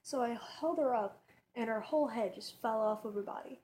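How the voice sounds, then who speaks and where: Talking fairly quickly in a warm, slightly high voice, a woman rambles through a casual tag video from her bedroom. She's chatty, full of fillers and restarts, and there's slight background noise.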